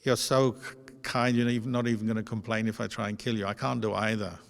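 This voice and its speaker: A man's voice: fairly low pitch, little pitch movement, fast talker, gravelly. A man voicing a poor, rattled male thief who talks in a flustered, insistent way. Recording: long hall reverb.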